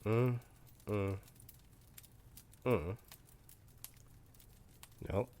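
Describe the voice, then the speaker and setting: A man's voice: lowish voice, extremely slow, mellow. A man chatting casually on a live game stream, swearing freely and barking orders at the game characters. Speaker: streamer playing a colony sim game.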